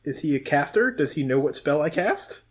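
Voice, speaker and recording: A man's voice: on the high side, sing-song, normal speed, husky. A man playing a tabletop game, hesitant and stammering. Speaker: player. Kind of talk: casual tabletop play.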